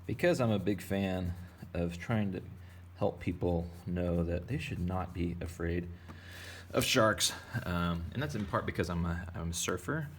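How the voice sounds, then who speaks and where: Gravelly deep-voiced man teaching drawing. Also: a little slow, a little hiss or hum. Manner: playful, chatty, narrates while drawing. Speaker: art teacher. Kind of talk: casual drawing tutorial for kids.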